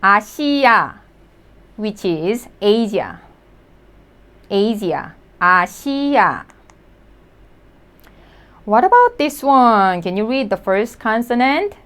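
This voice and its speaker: Slow, lively-pitched woman teaching vocabulary. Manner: sounds out syllables slowly and repeats words. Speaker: Korean language teacher. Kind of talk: slow, clear vocabulary lesson.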